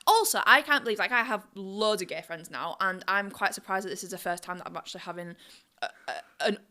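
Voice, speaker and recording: A woman's voice: medium pitch, a little fast, sharp tone. A woman co-hosting a podcast, making blunt, frank points in casual chat. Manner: frank and direct, laughing often. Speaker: podcast co-host.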